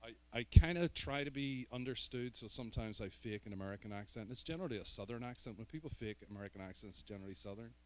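Speaking fast and animated with few pauses, a Northern Irish guest preacher kicks off his sermon in a church sanctuary by joking at his own expense. His voice sits in the mid range, carrying his Northern Irish accent.

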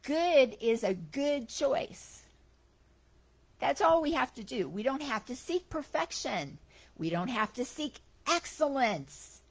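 A woman giving a Sunday spiritual talk, telling stories in a chatty, animated way. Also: high-pitched, slow. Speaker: guest speaker at a spiritual center.

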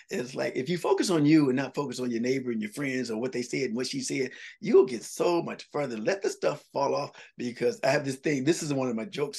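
A comedian telling jokey, animated stories in an interview, often repeating himself. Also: male voice, medium pitch, creaky, breathy edge. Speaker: comedian guest. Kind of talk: storytelling in an interview.

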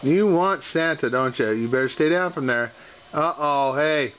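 A man's voice: on the high side, measured pace. A man talking to his pet dogs in playful, coaxing baby talk on a home video. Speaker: dog owner filming his pets. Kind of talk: home video chatter to pets. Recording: muffled home video with background noise.

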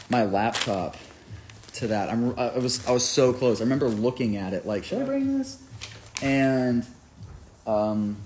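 A man talks loosely and off the cuff into his phone, full of "like" and restarts as he shouts out viewers. His voice sits at an average pitch, with a faint hiss of noise behind it. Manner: rambling, filler-heavy, reads out viewer names. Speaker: musician streaming a merch live. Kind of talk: casual live-stream chat.

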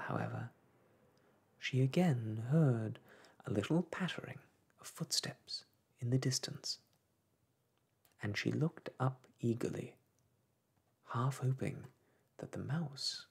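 A man narrating a classic children's book in a soft, gentle way. His voice is husky and gravelly, his pace slow, and his pitch moves a lot. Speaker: storyteller. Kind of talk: soft-spoken storybook reading.

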